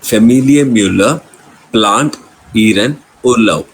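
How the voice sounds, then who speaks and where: A man reads German text aloud as a student, slowly and a bit haltingly. His voice is fairly low and polite. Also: slight background noise, low-quality recording.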